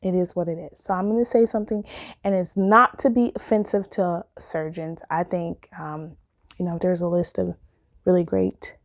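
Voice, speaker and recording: A woman telling a personal story in a casual vlog, acting out what people said with big jumps in her voice and frequent laughter. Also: normal speed. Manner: animated, acts out quotes with big pitch jumps, laughs often.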